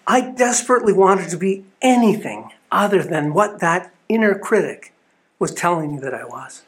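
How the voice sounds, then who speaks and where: A man's voice: sits high, expressive, normal speed. A man giving an earnest, storytelling sermon at a spiritual living center. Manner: earnest storytelling with small restarts.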